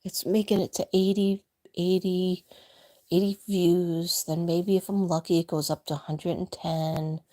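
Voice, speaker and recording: A woman chatting casually on a live stream from home, rambling and soft-spoken, often dropping to a whisper. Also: on the low side, flat delivery, unhurried.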